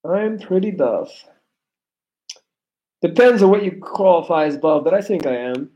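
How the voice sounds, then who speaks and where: A man's voice: fairly high pitch, lively intonation, brisk, warm tone, poor audio. A young man with a non-native English accent, reading chat on a casual livestream, blunt, profane and joking. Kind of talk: casual live-stream chat.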